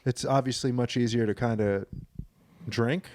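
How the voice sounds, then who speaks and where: A podcast co-host chats casually, rambling and swearing and occasionally putting on a silly voice. His mid-range voice is steady and a little mellow at a moderate pace, recorded at studio quality with no room sound.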